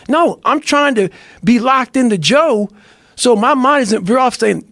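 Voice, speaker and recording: Intense, gravelly man swearing constantly. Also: very high voice, expressive, normal speed, fairly bright tone, dry recording, studio quality. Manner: intense, blunt, heavy swearing. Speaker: podcast guest. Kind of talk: profane motivational storytelling.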